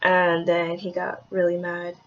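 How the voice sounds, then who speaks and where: A woman's voice: fairly low pitch, completely flat delivery, measured pace. Rambling young woman, lo-fi vlog. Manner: rambling, many "like"s and swearing; soft-spoken with hesitant restarts. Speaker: vlogger. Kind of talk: candid personal vlog. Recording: dull lo-fi audio.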